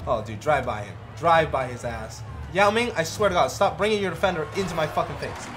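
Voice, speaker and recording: Young man shouting, swearing at a game. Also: on the high side, expressive, brisk, few pauses, crowd noise. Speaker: streamer playing a basketball video game. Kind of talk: live gameplay commentary. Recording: game music behind the voice.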